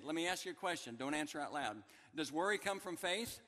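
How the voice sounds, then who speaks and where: A man's voice: a little high, expressive, brisk, hardly any pauses, sharp tone, big-room sound. A man preaching a sermon as pastor, emphatic and repeating his key phrases for the congregation. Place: church sanctuary.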